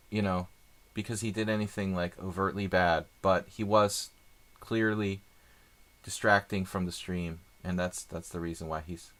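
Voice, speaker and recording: A man's voice: deep voice, fairly bright tone. A man doing live chess stream commentary, chatty and thinking aloud with rambling asides.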